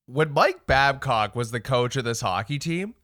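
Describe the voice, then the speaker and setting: A laid-back man chats about hockey in a bright, forward voice, blunt and easygoing. The sound is dry and close, with no room around it. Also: mid-range voice, animated, moderate pace, dry recording. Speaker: podcast co-host. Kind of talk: casual sports chat.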